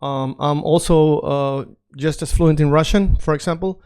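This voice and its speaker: A man's voice: a little high, steady tone, moderate pace, darkish tone, clean tone. Man teaching Spanish drills, repeating phrases. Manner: repeats drill phrases many times, asks viewers to say them along; often checks in with "right?" and "okay?". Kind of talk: video language lesson.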